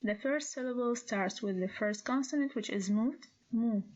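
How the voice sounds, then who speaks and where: A woman's voice: on the high side, moderate pace, a little mellow. Patient woman teaching, dull lo-fi sound. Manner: patient, spells out sounds and repeats words. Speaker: Arabic teacher. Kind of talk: slow instructional lesson.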